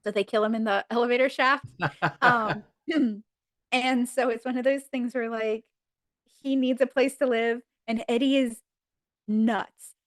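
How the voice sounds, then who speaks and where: A woman guest on a podcast, chatting casually and retelling sitcom episodes in an animated way, acting out the characters' lines. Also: on the high side, a little slow, dry recording, clean studio sound. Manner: animated storyteller who acts out characters' lines.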